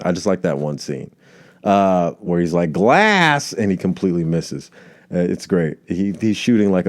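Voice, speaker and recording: Low-ish voice comedy guy rambling on his solo podcast, cussing, off on tangents. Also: warm tone. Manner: rambling, jumps between tangents, swears casually.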